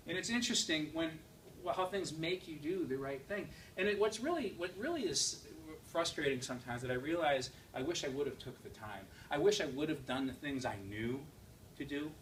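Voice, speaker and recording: A man speaking as a guest at an event, telling a story with lively emphasis, quick laughs and repeated phrases. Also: on the high side. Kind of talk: motivational talk to an audience. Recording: distant mic with faint room noise.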